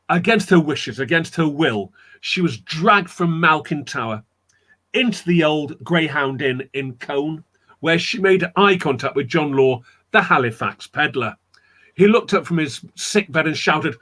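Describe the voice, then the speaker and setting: A man's voice: fairly high pitch, measured pace, husky. A man telling a dramatic folk tale as a guest storyteller, acting out the characters' voices. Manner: animated, acts out characters' voices.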